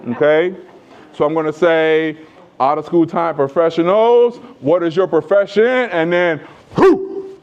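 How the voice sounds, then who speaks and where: Energetic man giving a keynote. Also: a little high, dull audio. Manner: energetic, leads crowd chants, shouts at peaks. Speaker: keynote speaker. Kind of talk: motivational keynote speech. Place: large conference hall with audience.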